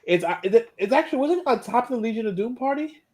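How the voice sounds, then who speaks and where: A man co-hosting a casual podcast review chat, chiming in with quick remarks. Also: very high voice, expressive, mellow. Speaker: podcast co-host.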